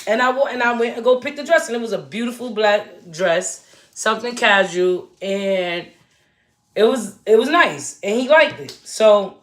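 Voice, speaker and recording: A woman's voice: fairly high pitch, expressive, moderate pace. Chatty woman in her forties on a livestream. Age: 40s. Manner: chatty, emphatic, talks straight to viewers. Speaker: livestream host. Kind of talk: casual livestream chat.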